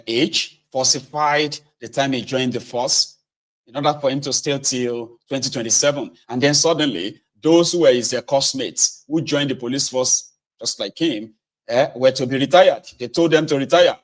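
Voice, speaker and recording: A man hosting a political commentary show at an ordinary, mid-range pitch. He talks in a rambling, sardonic way, hammering home his points with emphatic repetition.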